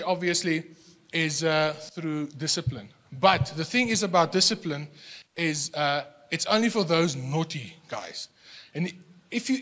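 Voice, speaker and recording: A male pastor preaching a sermon, animated and given to repeating words as he restarts, speaking without a microphone in a church hall. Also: fairly high pitch. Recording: long hall reverb, no microphone.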